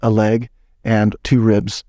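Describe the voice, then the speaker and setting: A man co-hosting a comedy podcast, telling an improvised tall tale in a deadpan, mock-earnest way. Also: fairly low pitch, slow pace, dry recording, studio quality. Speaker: podcast co-host.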